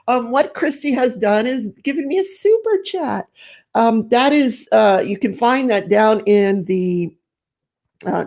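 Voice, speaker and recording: A woman's voice: mid-range voice, vocal fry, a little mellow. Chatty middle-aged woman crafting live. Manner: chatty and rambling, reads viewer comments aloud, laughs often. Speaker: live stream crafting host. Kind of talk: casual live stream chat.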